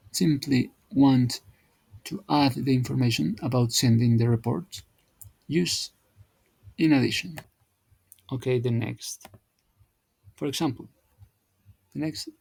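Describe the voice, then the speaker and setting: Slow, gravelly-voiced male English teacher. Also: medium pitch, a little mellow, no echo, rough recording. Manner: halting, repeats and restarts words while explaining. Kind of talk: explaining grammar exercises.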